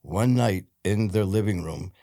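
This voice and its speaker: Male host, low voice, dry close sound, conversational storyteller. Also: a little slow, dark tone, no room sound. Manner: storytelling, emphatic when retelling. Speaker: podcast host. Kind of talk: conversational interview.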